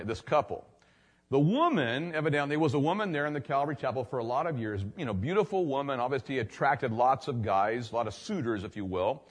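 A male pastor telling a story in a sermon, chatty and conversational with lots of fillers. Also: fairly high pitch. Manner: conversational, filler-heavy, tells anecdotes.

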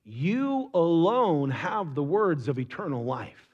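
A man preaching a sermon, animated, acting out the words of biblical figures. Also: slow, highs cut off. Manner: animated, acts out biblical speakers with rising pitch. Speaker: pastor.

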